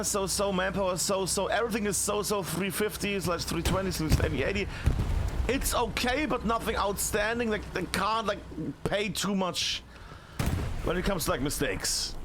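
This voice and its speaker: A man casting a tactical shooter match solo, chatty and excitable, shouting on big plays. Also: high voice, background noise. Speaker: esports caster. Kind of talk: solo play-by-play commentary.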